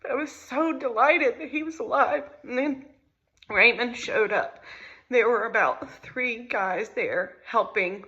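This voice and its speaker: A mother recounting a painful family crisis in a halting, emotional way. She often repeats her phrases as she tells the story. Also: a little high, a bit bright, muffled recording. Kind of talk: personal storytelling to camera.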